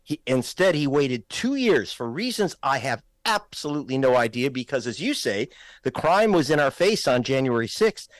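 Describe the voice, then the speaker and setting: A man's voice: mid-range voice, big pitch swings, moderate pace, dry recording. Guy arguing politics on a talk show, punchy and pointed, dead dry sound. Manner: emphatic, pointed, rising when stressing points. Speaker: guest, filmmaker.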